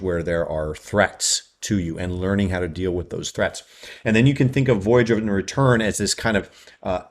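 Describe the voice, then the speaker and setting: A man hosting a writing channel, giving a quick explanatory lecture and tagging his points with "right?". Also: sits low. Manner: fast, tags points with "right?".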